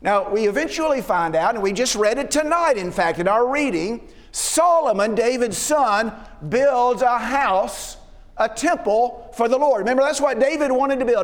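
A man's voice: extremely high pitch, lively intonation, normal speed. Man preaching an expository sermon in a reverberant hall. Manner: expository, asks rhetorical tag questions.

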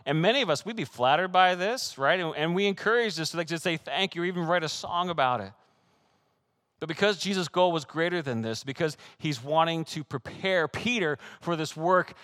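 A male pastor delivering a sermon, his voice sitting a little higher than most men's. He preaches with animated, excitable energy, slipping into quoted voices and light laughs as he goes.

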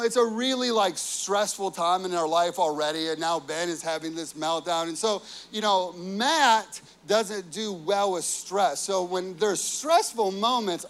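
Casting note: thirtysomething male pastor, high-pitched, loose chatty storyteller. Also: fairly bright tone. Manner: chatty, full of "like" and "you know". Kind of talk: sermon story.

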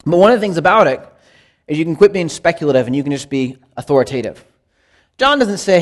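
A man teaching a Bible study in a conversational sermon style, earnest and emphatic, with lively rises when quoting scripture. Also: fairly high pitch, fast talker.

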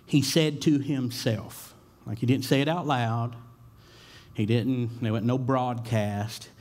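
A man's voice: medium pitch, darkish tone. A man giving a sermon, talking in a casual, conversational way with frequent fillers and repeated starts. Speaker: pastor.

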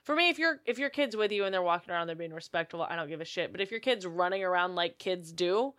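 A woman co-hosting a comedy podcast, giggly and animated in casual chat. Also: on the low side, fast talker, dry recording. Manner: giggly, animated, laughs often.

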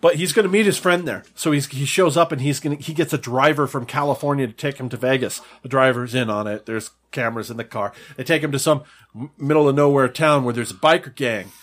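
A man's voice: mid-range voice, fast talker, fairly bright tone. A man co-hosting a casual podcast, recapping a show in a rambling, profane storytelling way.

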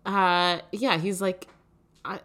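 Eager woman co-host, lower voice. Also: steady tone, a bit bright. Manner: enthusiastic, quick reactions, frequent "like". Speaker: podcast co-host. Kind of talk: casual chat.

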